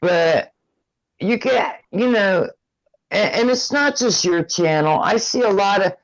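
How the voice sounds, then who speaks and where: An older man on a livestream talking in casual chat with a slow drawl that can sound slurred. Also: sits high, lively intonation. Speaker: livestream guest. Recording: dull lo-fi stream audio.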